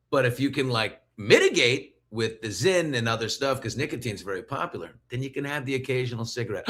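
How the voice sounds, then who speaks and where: Animated, bright-voiced male host. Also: medium pitch, quick pace, few pauses. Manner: animated, laughing, playful. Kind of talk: casual morning show chat. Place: unusual room, somewhat echoey. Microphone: not his usual studio mic.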